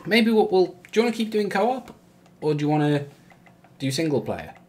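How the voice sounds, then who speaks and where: A man's voice: high-pitched, sing-song, normal speed. A man co-hosting a casual let's-play, chatty and rambling with playful sarcasm. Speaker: co-host of a gaming channel.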